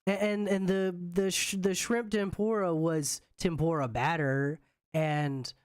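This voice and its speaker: Man, fairly high voice, dry close sound, hesitant casual podcast talk. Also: fairly even intonation, a little slow, smooth, no room sound. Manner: hesitant, many restarts and fillers. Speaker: podcast co-host. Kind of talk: casual chat.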